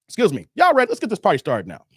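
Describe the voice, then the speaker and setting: Animated livestream host joking with viewers. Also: male voice, sits high, breathy edge, dry recording, clean studio sound. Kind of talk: casual livestream chat reading comments.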